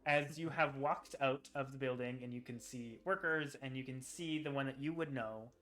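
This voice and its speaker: Male game master, bright tone, easygoing and filler-heavy, faint music underneath. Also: mid-range voice, moderate pace. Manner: laughing, filler-heavy narration. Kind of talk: narrating a tabletop game.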